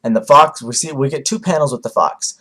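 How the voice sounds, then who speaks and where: A man's voice: mid-range voice, a little fast, husky. Rambling young man reviewing manga. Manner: rambling, filler-heavy, animated. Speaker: anime reviewer. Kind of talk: casual video review.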